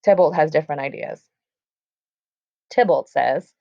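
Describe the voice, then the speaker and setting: A woman with a slightly low voice teaches a class in a relaxed, chatty way. She reads lines aloud and then retells them in everyday words. The recording is dry and a little dull. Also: a little slow, pauses often, no room sound. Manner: casual, chatty explanations with reading aloud. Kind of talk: classroom lesson, reading and paraphrasing a play.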